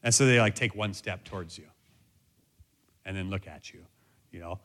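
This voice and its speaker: A man's voice: lowish voice, moderate pace, long pauses. A man teaching in a sermon style, direct and instructive, who stresses points by repeating key phrases.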